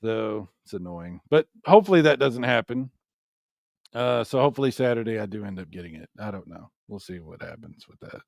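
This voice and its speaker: A man co-hosting a casual podcast chat, telling animated stories and acting out what people said. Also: on the low side, fairly quick, vocal fry, dry recording, clean studio sound. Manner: animated storyteller, acts out quotes. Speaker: co-host.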